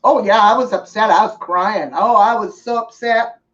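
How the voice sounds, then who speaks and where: A woman streamer telling a personal story in casual, unhurried speech, earnest in tone and pausing to thank viewers. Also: medium pitch. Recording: distant, dull lo-fi mic.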